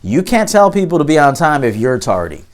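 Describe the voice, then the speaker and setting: A man who works as a dating coach, giving emphatic, preachy advice straight to camera, with loud punches and low, quiet asides. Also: big pitch swings, brisk. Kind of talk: direct-to-camera advice monologue.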